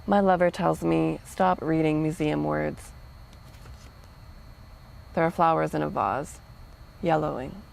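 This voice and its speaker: A woman in her thirties giving a poetry reading, with short spoken introductions between poems and a measured, deliberate delivery. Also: deep voice, gravelly, darkish tone, a little hiss or hum. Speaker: featured poet.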